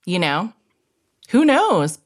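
A woman's voice: fairly low pitch, very animated, slow pace. A woman co-hosting a podcast in casual chat, musing and offering thoughtful asides. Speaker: podcast co-host.

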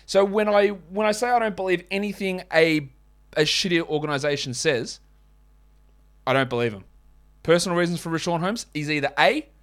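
A man's voice: on the high side, fairly bright tone. A man hosting a fantasy basketball podcast, ranting sarcastically in fired-up sports commentary. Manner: ranting, sarcastic, mocks others in put-on voices.

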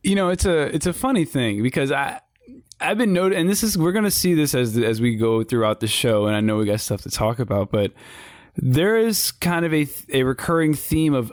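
A man co-hosting a casual wrestling talk show, animated and restarting his sentences as he thinks. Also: mid-range voice, normal speed, no echo, studio quality. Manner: animated, repeats himself while thinking. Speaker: wrestling podcast co-host.

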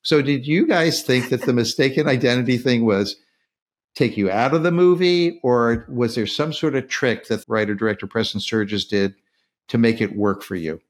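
A man's voice: medium pitch, normal speed. A man hosting a casual film discussion, asking questions and retelling scenes with energy. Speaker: podcast host.

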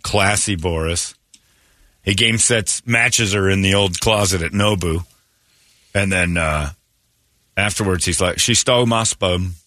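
Bright, joking male radio host. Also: sits low, measured pace, long pauses, dry recording, studio quality. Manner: loose, joking, laughs often, rambling asides. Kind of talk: casual crude morning radio banter.

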